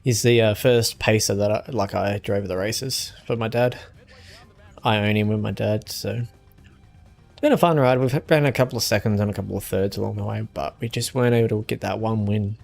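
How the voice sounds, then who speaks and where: A young man streaming a game and chatting casually with viewers in a relaxed, easygoing way. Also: lowish voice, brisk, gravelly, faint music behind. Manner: relaxed, chatty, answers chat with small laughs. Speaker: gaming streamer.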